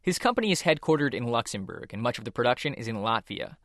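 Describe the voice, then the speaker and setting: A man reporting a scripted radio news piece in a measured, even delivery. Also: mid-range voice, dry recording.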